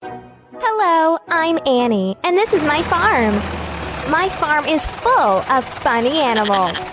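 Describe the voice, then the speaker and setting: A woman voicing a cheerful young farmer who guides children through a game, speaking slowly in a sing-song, encouraging way. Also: sits high, big pitch swings, over music, exaggerated voice. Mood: sunny, encouraging. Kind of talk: scripted children's game voice-over.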